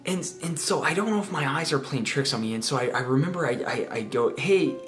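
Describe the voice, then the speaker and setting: A man's voice: mid-range voice, fast talker, a bit bright. A man in his twenties from Spokane telling a childhood story in casual, rambling speech, repeating words and asking "right?" as he goes. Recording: roomy, faint guitar music.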